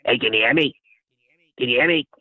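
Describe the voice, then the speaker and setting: A man voicing a crude male caller on a cell phone, with a gravelly voice and a slow drawl. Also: mid-range voice, dry recording, phone-quality sound, close to an everyday voice.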